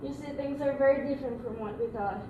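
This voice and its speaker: An actress playing a gentle elder sister, soothing and earnest in stage acting, recorded from a distance in an echoey room. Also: female voice, sits high, fast talker, lo-fi sound, noisy background, lightly acted.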